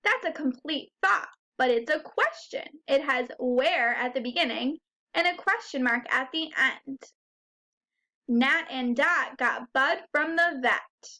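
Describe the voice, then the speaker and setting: Her voice high-pitched, pushed, and bright, a woman runs a first grade phonics lesson. She carefully sounds out words at a slow pace and quizzes the kids with questions.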